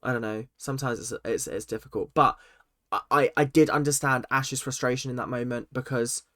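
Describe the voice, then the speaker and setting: An animated, exasperated recap of a reality show from a vlogger, voice sitting in a middle register and tripping over restarts. The sound is close and completely dry, with no room at all. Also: mid-range voice, a little fast, no room sound. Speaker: reaction vlogger.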